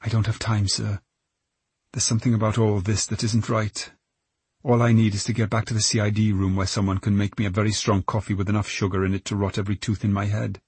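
An injured, stubborn woman detective, as a male narrator puts her on, croaky and dryly wry. Her lines come out flat and husky. The sound is dry and close. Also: lowish voice, fast, no room sound.

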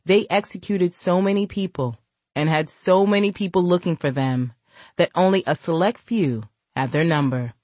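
A woman narrating a gritty urban story in a steady, matter-of-fact way. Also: fairly low pitch, moderate pace, dry recording. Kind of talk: audiobook narration of an urban crime novel.

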